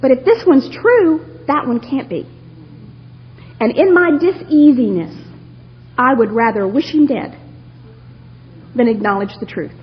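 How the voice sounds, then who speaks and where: High, lively woman telling her story. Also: unhurried, pauses often. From Texas. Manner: humorous storyteller who laughs often. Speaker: speaker at a recovery meeting. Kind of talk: personal recovery share to a live audience. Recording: lo-fi tape of a talk in a hall.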